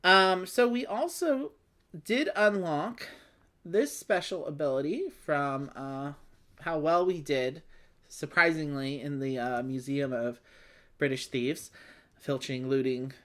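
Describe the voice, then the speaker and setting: Low-voiced woman hosting a game play-along. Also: slow pace, fairly bright tone. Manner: chatty, amused by the puns. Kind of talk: casual game commentary.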